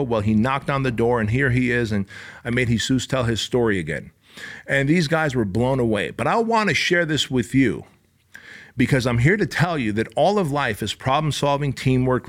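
A middle-aged man hosting his own podcast, delivering a motivational monologue. He swears freely and preaches with intensity, his pitch sitting in an ordinary middle range. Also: fairly bright tone. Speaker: podcast host.

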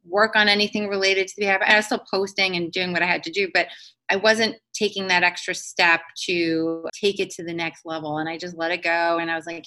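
A woman's voice: fairly low pitch, steady tone, fairly quick, sharp tone. A woman hosting a casual podcast chat, talking in an earnest, reflective and motivational way.

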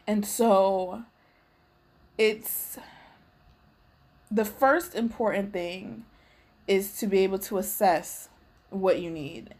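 A woman's voice: medium pitch, slow, pauses often, a little mellow. A woman host talking casually and reflectively about her needs, voicing her own prayers as she goes. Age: adult, working. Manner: conversational, acts out her prayers aloud. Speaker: faith podcast host.

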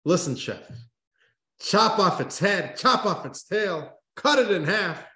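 A man voicing a self-serving male king who gives brisk orders, in a story told in a class. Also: high voice, big pitch swings, pushed and bright, pitched above the performer's own voice, heavily acted. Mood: commanding. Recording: roomy echo.

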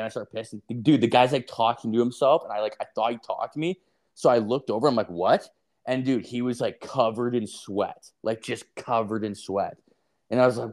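A man co-hosting a podcast, telling a long story in casual chat, full of swearing and filler words. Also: medium pitch. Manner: rambling profane storytelling, heavy filler. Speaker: podcast co-host.

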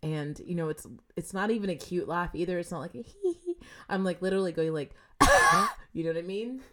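A woman's voice: lowish voice, fast talker, a little mellow. A woman, an actress guest on a casual podcast, giggly and self-deprecating, swearing often.

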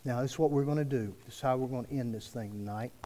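A male pastor preaching a sermon to his congregation, earnest, with slow emphatic phrasing. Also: medium pitch, mellow. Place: church sanctuary. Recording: long reverb of a church hall.

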